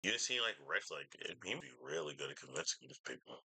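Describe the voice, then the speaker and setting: A man's voice: extremely low pitch, very animated, fast talker, rough recording. A man reacting casually to a clip, blunt, incredulous and swearing freely. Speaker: reaction streamer.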